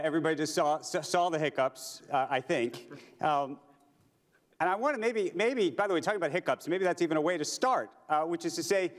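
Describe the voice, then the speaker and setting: A man's voice: a little high, long reverb tail. A man hosting a live stage interview, talking in a conversational way with frequent fillers. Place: conference stage before an audience.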